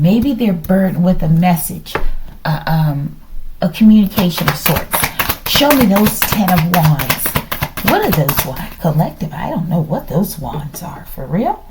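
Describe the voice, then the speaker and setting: A woman's voice: medium pitch, noisy background. A woman doing a casual tarot reading who muses aloud, describes herself as hyperactive and keeps addressing her audience as "collective". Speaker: tarot reader.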